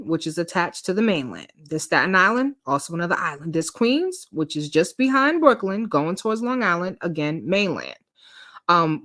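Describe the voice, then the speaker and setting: Female host, casual storytelling, lively swooping pitch. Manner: animated, laughing, reacts to chat mid-story.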